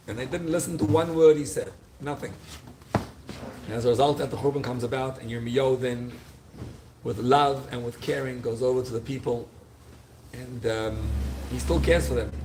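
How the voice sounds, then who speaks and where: A man's voice: mid-range voice, darkish tone. Man rabbi telling the story, acts out the pleas, little bit of background noise. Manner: storytelling, acting out figures' pleas. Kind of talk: explaining liturgical poems.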